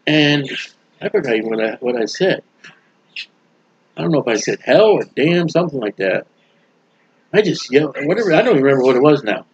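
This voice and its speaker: A man preaching a sermon in a folksy, animated way, acting out the voices of people he quotes. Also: mid-range voice, brisk, pauses often, slightly rough, lo-fi sound. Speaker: street preacher.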